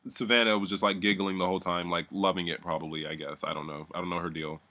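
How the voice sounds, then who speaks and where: Sardonic, bright-voiced man recapping. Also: deep voice, level tone, quick pace. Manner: sardonic, profane, rambling. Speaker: reality TV recap vlogger. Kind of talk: casual recap.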